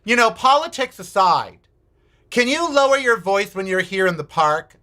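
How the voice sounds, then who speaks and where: A man's voice: high-pitched, very animated, normal speed, bright, forceful tone, exaggerated voice. A man quoting a stern middle-aged mother who scolds him curtly. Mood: disapproving. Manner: curt, disapproving.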